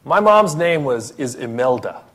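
A man's voice: medium pitch, expressive, unhurried, fairly bright tone. A man from the Philippines, preaching a sermon as pastor, emphatic and full of rhetorical questions.

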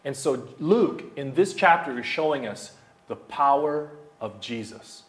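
A man's voice: mid-range voice, expressive, unhurried, a bit bright. A man in his thirties preaching a verse-by-verse sermon, talking emphatically, repeating key phrases and dropping in plenty of fillers. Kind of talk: expository sermon. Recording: roomy hall echo.

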